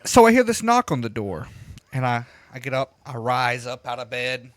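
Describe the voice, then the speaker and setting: A man casually telling a rambling, profane story while he plays a game, getting loud and heated as he retells it. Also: medium pitch, very animated, moderate pace, no echo. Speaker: gaming streamer telling a story. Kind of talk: casual storytelling over gameplay.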